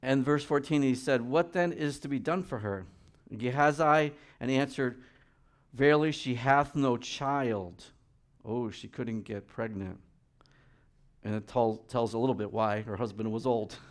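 A middle-aged man preaching a sermon as pastor, reading scripture and acting out the people in it in lively voices. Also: medium pitch, unhurried.

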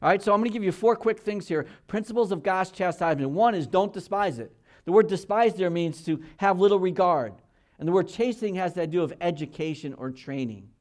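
An older man in his sixties preaching a sermon in a somewhat high voice. He talks in an earnest, conversational way, often checking in with his listeners. His delivery swings between loud, emphatic stretches and quiet asides. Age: 60s. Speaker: pastor.

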